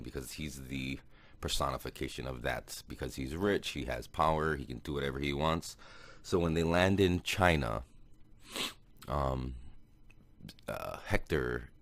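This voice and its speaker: A man casually recapping a movie plot as a podcast host. He rambles, fills pauses with ums, corrects himself and chuckles now and then. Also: rumbling low, fairly bright tone. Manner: rambling, with many fillers and self-corrections.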